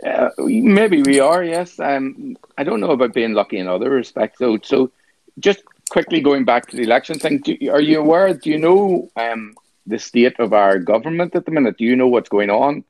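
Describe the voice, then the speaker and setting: A man with a Northern Irish accent chatting on a podcast, joking in a sardonic, deadpan way. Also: mid-range voice, normal speed, no echo. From Northern Ireland. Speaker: podcast host. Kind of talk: casual chat. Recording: dry, slightly dull sound.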